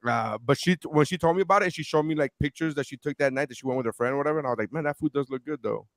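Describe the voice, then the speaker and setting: A man's voice: fairly high pitch, rapid-fire, no echo. A man hosting a podcast in casual chat, telling stories with lots of acted-out quotes and plenty of swearing. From Nicaraguan heritage. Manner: animated storyteller, acts out quotes in other voices; swears freely. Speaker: podcast host.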